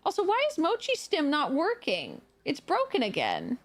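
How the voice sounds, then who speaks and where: A woman streaming live, chatting casually with viewers while she plays, animated, laughing a lot and swearing freely. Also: high voice, normal speed. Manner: answers viewer chat while playing.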